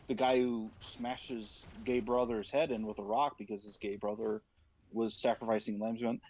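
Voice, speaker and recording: A man streaming from home, chatting casually and irreverently, rambling and breaking into loud put-on voices. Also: on the low side, steady tone, moderate pace, creaky.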